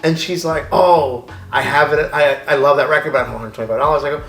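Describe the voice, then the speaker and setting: A man's voice: on the high side, fairly even intonation, fast, fairly bright tone, reverberant, faint music behind. A man, co-owner of a record shop, telling stories in casual chat and acting out the dialogue, swearing freely.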